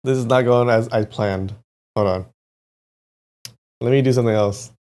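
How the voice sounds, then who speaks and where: A man's voice: medium pitch, steady tone, normal speed, darkish tone. A man hosting a casual livestream, chatting to his viewers while he types, with restarts and muttered asides. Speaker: livestream host.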